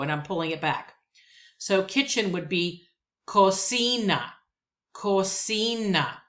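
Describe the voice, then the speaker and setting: A woman teaching Spanish vocabulary, saying each word twice in a slow, careful way and explaining plainly. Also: medium pitch, a bit bright. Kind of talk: vocabulary lesson, reading word lists.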